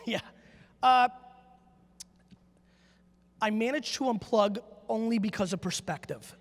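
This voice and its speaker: A high-voiced man speaks from a conference stage, brash and emphatic, swearing freely as he drives his points home. His voice rings out with the long reverb of a big hall. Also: slow, long pauses. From United States. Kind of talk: live stage talk with audience Q&A.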